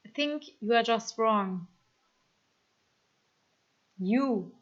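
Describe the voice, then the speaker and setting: A German-accented woman streamer talks at an unhurried pace with a high, bright voice. She reads comments aloud, apologizes a lot and gets excitable. The mic sounds a little dull. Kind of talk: casual live-stream chat.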